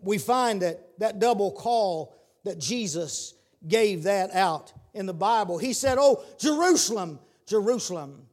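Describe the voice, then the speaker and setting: A man preaching a sermon, repeating his words and building to shouted calls. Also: sits high, slow.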